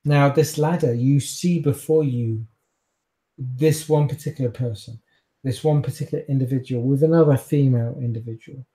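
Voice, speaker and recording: A man's voice: medium pitch, normal speed, mellow. A man narrating as game master of a tabletop game, loose and rambling with many fillers.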